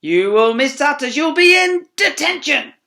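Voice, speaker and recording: A man reading a children's story aloud, voicing a furious old female teacher who barks out punishments in shrill, loud yells. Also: expressive, a little slow, heavily acted. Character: furious old female schoolteacher, stick-wielding tyrant.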